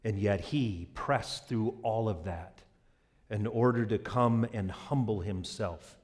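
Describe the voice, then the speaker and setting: A man pastor giving an impassioned, animated sermon with vivid storytelling. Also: fairly low pitch, slow pace.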